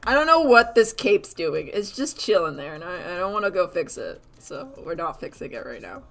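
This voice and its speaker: A woman chatting casually while she draws on a live stream, rambling and animated, laughing often and filling her talk with "like". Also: fairly low pitch, normal speed, gravelly. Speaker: artist streamer.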